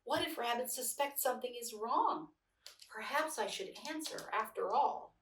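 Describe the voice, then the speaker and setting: A woman voicing a sly, boastful male tiger in a storybook read-aloud, with a lowered, chuckling voice. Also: animated, normal speed, a bit bright, roomy sound, far from the mic, rough recording. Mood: worried.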